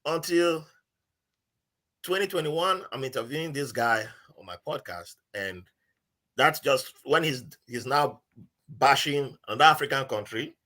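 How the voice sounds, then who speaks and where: In a medium-pitched, unhurried voice, a man with a Nigerian accent shares a story on a podcast. He's a lively storyteller in casual conversation, giving each quoted person their own acted-out voice.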